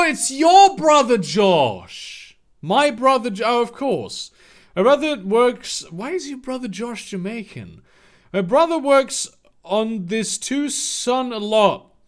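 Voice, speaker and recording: A man reads a story aloud for laughs, stopping now and then for sarcastic, disbelieving asides. His voice is fairly high and very expressive, and he takes an unhurried pace. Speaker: channel host reading a story aloud. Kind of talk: comedic dramatic reading with commentary.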